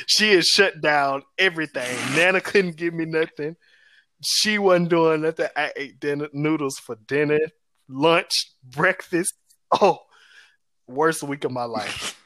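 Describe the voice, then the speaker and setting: A young man telling a story in casual chat, animated, and acting out the people he quotes. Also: on the high side, unhurried, a little hiss or hum.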